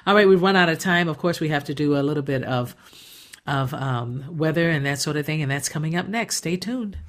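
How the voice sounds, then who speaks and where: Minnesota lady hosting a radio talk show, lowish voice, chatty, keeps restarting. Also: lively intonation, brisk. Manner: chatty and emphatic, many restarts. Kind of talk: casual radio chat. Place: radio studio.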